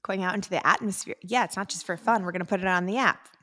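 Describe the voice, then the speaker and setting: A woman co-hosting a podcast who works as a fitness instructor, chatting casually with quick, teasing interjections. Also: mid-range voice, a bit bright. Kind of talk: casual chat.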